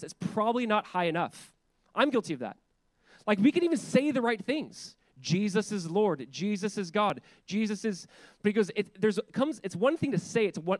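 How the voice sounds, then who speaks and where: A man in his thirties preaching a sermon as pastor, conversational and animated, acting out the voices he quotes. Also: sits high, a little fast, no room sound, poor audio. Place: church hall.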